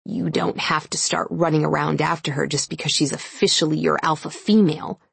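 A woman's voice: low voice, little pitch movement, brisk, vocal fry, fairly bright tone, breathy edge, dry recording, heavily acted. A woman reading an audiobook and voicing a cranky, witchy old grandmother werewolf who mutters sourly. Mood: sour grumbling. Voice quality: muttering, sour.

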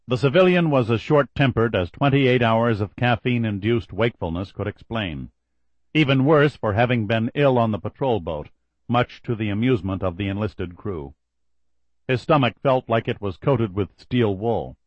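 A man reading a novel aloud in a measured, even storytelling manner. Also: fairly low pitch, no echo, muffled recording. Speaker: audiobook narrator. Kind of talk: scripted narration.

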